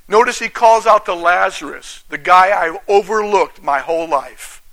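Bright, high-voiced male preacher. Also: moderate pace. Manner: calls out to the congregation with questions, reads scripture aloud with emphasis. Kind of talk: sermon.

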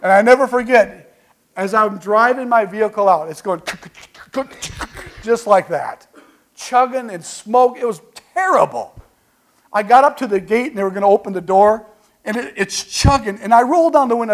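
High-pitched pastor guy preaching, animated storytelling, quiet asides then loud bursts. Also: normal speed. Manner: animated preaching with call-and-response; folksy storytelling, swings from quiet asides to shouts. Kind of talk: sermon.

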